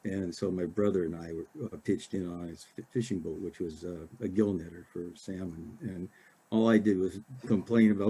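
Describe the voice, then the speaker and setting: Halting older man, low mellow voice. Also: fairly even intonation, a little hiss or hum. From Oregon, US. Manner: halting, many fillers and restarts. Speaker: author giving a talk. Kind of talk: casual library talk.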